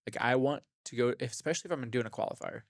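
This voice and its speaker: A man in the middle pitch range co-hosts a podcast recorded in a gym. He rambles animatedly, with lots of filler words and the odd curse. The sound is dry and close-miked. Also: quick pace, no echo. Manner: animated, swearing, rambling with many "like"s. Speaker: podcast co-host. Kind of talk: casual chat.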